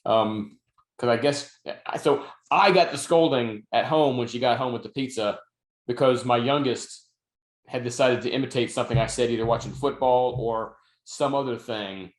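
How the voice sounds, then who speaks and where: A man's voice: mid-range voice, normal speed. Dry-humored man, roomy echo. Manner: dry storytelling, wry asides. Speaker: podcast co-host and novelist. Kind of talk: casual podcast chat.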